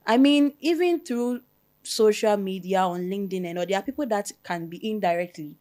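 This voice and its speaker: A woman with a Ghanaian English accent, a software developer on a panel, answering thoughtfully and checking in with "You get it?". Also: medium pitch, normal speed. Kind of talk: panel discussion.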